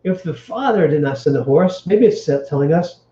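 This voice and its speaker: A man's voice: on the high side, lively intonation, normal speed, dark tone, reverberant, dull audio. A man teaching Hebrew grammar to a live stream, explaining step by step and checking in with his listeners. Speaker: Bible teacher.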